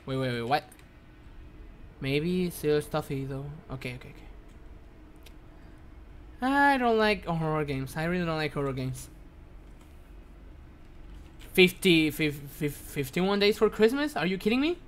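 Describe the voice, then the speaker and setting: A man's voice: a little high, big pitch swings, a little slow, long pauses. Jumpy native-Spanish man streaming a game. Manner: jumpy, yelps and curses when startled; broken, non-native English. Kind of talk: live game-stream commentary.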